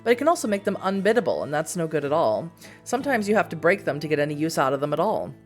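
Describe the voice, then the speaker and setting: A woman's voice: low voice, sing-song, fast, soft background music. A woman voicing a composed female vampire who speaks in a neutral, dispassionate way. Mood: menacing calm.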